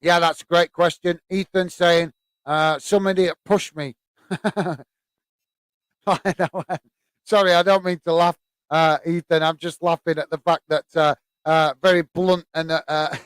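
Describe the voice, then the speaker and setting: A British man hosting a live football watch-along, chatting in a friendly, halting way with many fillers while reading viewer messages. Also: on the high side, smooth, dry recording.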